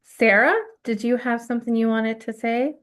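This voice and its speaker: A woman leading a group video call, giving short, gentle, affirming replies. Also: a little high, little pitch movement, moderate pace. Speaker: circle facilitator.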